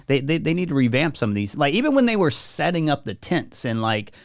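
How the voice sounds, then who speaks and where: A man's voice: fairly high pitch, big pitch swings, fairly quick, no room sound, studio quality. A man hosting a casual podcast discussion who leads the conversation in an easygoing way with open questions. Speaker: podcast host.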